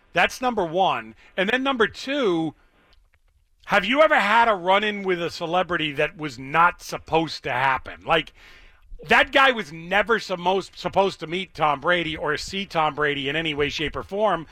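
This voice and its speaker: A man's voice: sits high, pushed and bright, no echo, clean studio sound. A man hosting a talk radio show, telling a story in a chatty way and addressing his co-host. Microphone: studio microphone.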